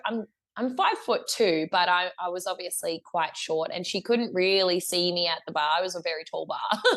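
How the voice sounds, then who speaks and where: Her mid-range voice has a slightly bright edge; she's a young musician with an Australian accent, appearing as a guest in a relaxed interview. Telling a story, she chats away, laughs a lot, and keeps filling and restarting.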